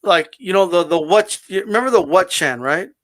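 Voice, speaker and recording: A man's voice: sits high, moderate pace, fairly bright tone, no room sound. A man co-hosting a casual wrestling debate, talking animatedly with lots of "like" and "bro" and mocking stiff scripted delivery.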